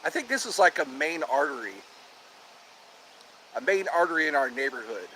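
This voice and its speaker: Brief: man host, goofy and rambling, high voice with a lot of bounce in it. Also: lively intonation, normal speed, a bit bright, a little hiss or hum. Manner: playful, goofy, drifts between topics. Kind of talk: rambling casual monologue.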